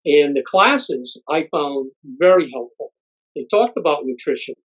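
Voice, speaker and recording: A plain-spoken man in his sixties giving a halting thank-you speech as an honoree. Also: on the high side, animated. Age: 60s. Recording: muffled lo-fi recording.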